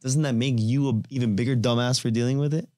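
Fast, fired-up man in casual chat. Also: mid-range voice, fairly even intonation, warm tone. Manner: heated, challenging questions. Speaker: podcast co-host.

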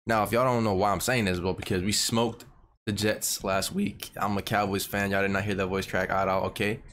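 A young man hosting his channel, reacting to football highlights in a casual, rambling way, swearing often and calling everyone bro. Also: level tone, quick pace, fairly bright tone, a little hiss or hum. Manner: slangy and profane, says bro constantly; rambling with frequent restarts. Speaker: reaction video host.

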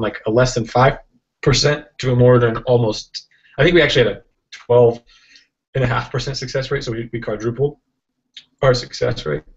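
A man tells a story in an interview, animated and rambling, often restarting and acting out quotes. His voice sits at a middling pitch. The sound is dull and lo-fi, like a video call. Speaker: interview guest, software entrepreneur.

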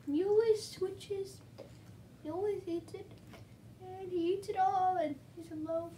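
A woman's voice: very high-pitched, fairly even intonation, unhurried, warm tone. A woman reading a children's picture book aloud, with chatty asides to her cat between pages, and faint background noise. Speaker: storybook reader.

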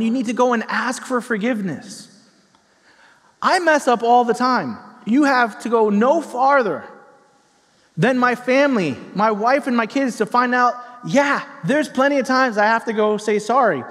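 A pastor with a very high-pitched, slightly bright voice preaches to his congregation in a large church hall, telling a story tenderly and earnestly. The recording carries a long hall reverb.

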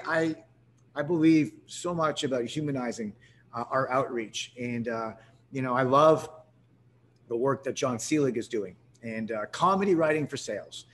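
A man's voice: medium pitch, fairly bright tone, a little hiss or hum. A man from Canada hosting a live sales webinar, talking energetically with lots of restarts and fillers. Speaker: webinar host.

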